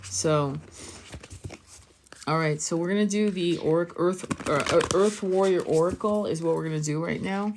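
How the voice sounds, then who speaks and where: Woman, low voice, spiritual live-stream host, encouraging, coaxing. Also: normal speed, noisy background. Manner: encouraging, coaxing viewers to share. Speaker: tarot and oracle reader hosting a live stream.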